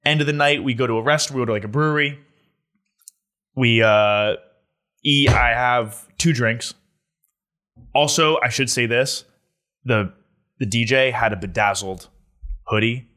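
A young man telling a story in casual chat, animated and laughing as he goes, with lots of filler words. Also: medium pitch, fairly quick.

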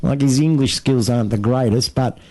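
A middle-aged man hosting talkback radio in an easy, chatty way. His voice is dark and mellow, and he keeps encouraging his guest. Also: medium pitch, brisk. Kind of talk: casual radio chat.

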